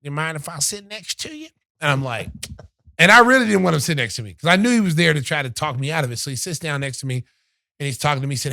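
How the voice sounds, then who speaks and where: A man's voice: on the high side, quick pace, vocal fry, no room sound, studio quality. A middle-aged man hosting a podcast, telling a story in casual chat and acting out what others said. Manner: animated storyteller, acts out quotes of others. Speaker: podcast host.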